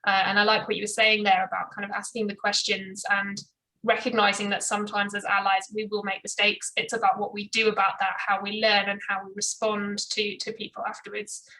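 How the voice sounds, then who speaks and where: A woman moderates a panel in an encouraging, steady way. Her voice is bright and forward, and her pitch barely moves. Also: fairly quick, low-quality recording. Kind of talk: panel discussion.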